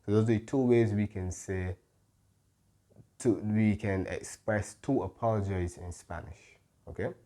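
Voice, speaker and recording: A man tutoring Spanish in English, unhurried and explanatory, often checking in with "right?" and "mm-hmm.". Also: fairly low pitch, dark tone.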